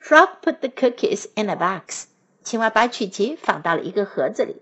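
A woman teacher reading a children's picture story aloud, gently and expressively, switching between two languages. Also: medium pitch, big pitch swings, moderate pace, muffled recording.

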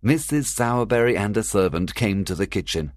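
A man narrating a simplified classic novel for learners in a clear, deliberate way. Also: fairly low pitch, lively intonation, no echo, clean studio sound. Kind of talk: graded reader audiobook narration.

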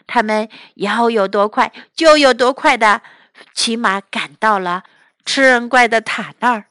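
A woman teacher reading a children's story aloud in two languages, clear and expressive. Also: a little high, a little slow, no room sound. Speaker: English teacher.

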